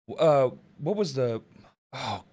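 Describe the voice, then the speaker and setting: A man's voice: medium pitch, animated, darkish tone, husky. Joking man hosting a podcast. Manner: joking, swears casually, quick reactions. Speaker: podcast host. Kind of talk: casual podcast chat.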